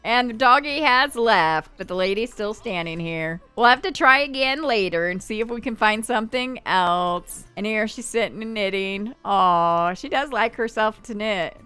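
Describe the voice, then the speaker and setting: A woman hosting a let's play, chatty and excitable, with gasping reactions. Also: mid-range voice, moderate pace, few pauses, clear, resonant tone, faint music behind. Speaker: gaming channel host.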